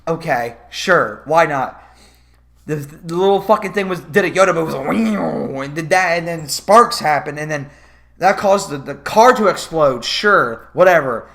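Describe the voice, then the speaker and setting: A man's voice: a little high, animated, moderate pace, a bit bright. A man giving a profane, sarcastic commentary rant about a movie, sounding exasperated. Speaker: movie reviewer.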